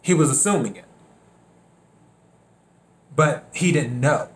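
A man from South Carolina hosting a reflective solo podcast, unhurried, repeating his phrases and acting out bits of dialogue. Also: fairly high pitch. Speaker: podcast host.

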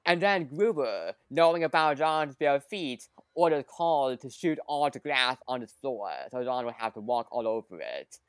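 A woman casually recapping a movie plot for a podcast, with lively quoted asides. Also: very deep voice, normal speed, hardly any pauses, smooth, no room sound. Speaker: podcast guest.

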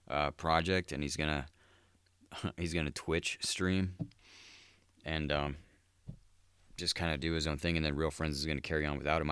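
Very deep-voiced swearing podcast guy. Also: fairly bright tone, clear, resonant tone, dry recording. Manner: profane and rambling. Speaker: podcast host. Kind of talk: casual solo podcast monologue.

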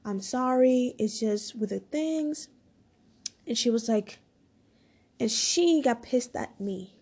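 Mellow, husky-voiced woman telling a story. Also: on the high side, lively intonation, slow pace. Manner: rambling, full of "like" and "I was like" quotes. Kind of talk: casual storytime monologue.

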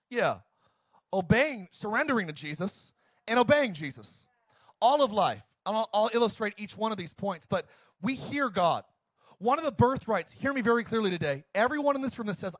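A middle-aged male pastor preaching a sermon, fired up and shouting at times, then dropping to a soft storytelling voice. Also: high voice, dry recording.

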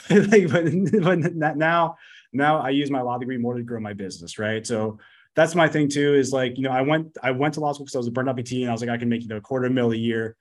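Fast-talking, blunt man rambling casually. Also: mid-range voice. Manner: rapid, rambling, full of "like" and "you know"; blunt, swears freely. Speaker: podcast guest, business coach. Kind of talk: casual interview chat.

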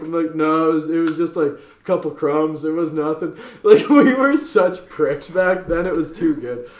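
Recorded in an echoey room, this podcast co-host is a young man from western Canada who casually recounts a rowdy tale, cursing liberally and laughing throughout. He talks at a moderate pace in a slightly high voice, barely pausing.

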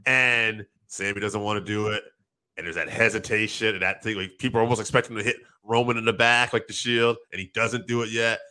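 A man co-hosting a casual wrestling talk show, excitedly recapping a match and swearing freely. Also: on the low side, clean tone. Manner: excited, quick storytelling with acted quotes and profanity.

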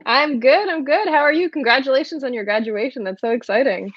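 French-born woman guest, bilingual, chatty, higher voice, dry dull line. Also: a little fast, crowd noise. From France. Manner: chatty, laughs often. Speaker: guest actress. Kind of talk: casual interview.

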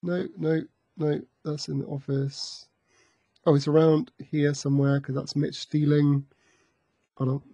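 A man's voice: a little high, level tone, unhurried, gravelly, mellow, husky, dry recording. A man co-hosting a casual podcast, chatty and thinking aloud as he asks questions. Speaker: podcast co-host. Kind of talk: casual chat.

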